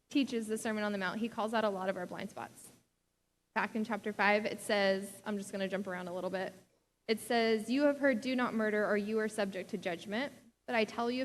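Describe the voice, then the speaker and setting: A young woman pastor preaches in a loose, conversational manner, dropping "like" and little laughs as she goes. Her voice sits a little high, and a long reverb trails after her in the church hall. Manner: casual, chatty preaching with frequent "like" and laughs. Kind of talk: sermon. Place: church sanctuary.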